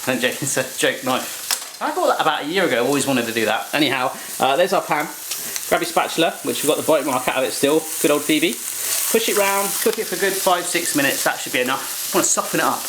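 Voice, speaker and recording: A man's voice: a little high, animated, quick pace, noisy background. Joking man, echoey kitchen. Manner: jokey and playful, with silly asides. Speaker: home cook and channel host. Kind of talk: casual cooking demonstration. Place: home kitchen.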